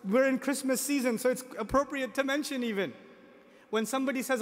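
High-voiced man preaching in a hall. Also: steady tone, a little fast, fairly bright tone. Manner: emphatic, repeats key phrases, rhetorical questions; joking asides to the audience. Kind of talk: sermon. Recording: long hall reverb.

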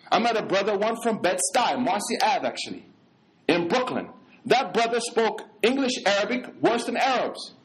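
An American man, an imam, giving a lively religious lecture in casual street slang mixed with scholarly terms. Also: sits high. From United States.

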